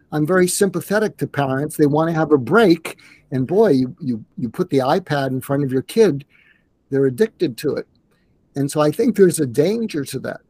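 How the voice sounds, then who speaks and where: An older man, a psychiatrist guest in an interview, speaking earnestly in a halting way with restarts. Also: a little high, mellow, no room sound. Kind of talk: conversational interview.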